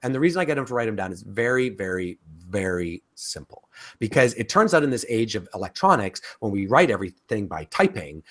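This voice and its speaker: Animated man teaching a course. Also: on the low side, brisk. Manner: animated, talkative, frequent fillers and restarts. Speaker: course instructor. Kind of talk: casual spoken lecture.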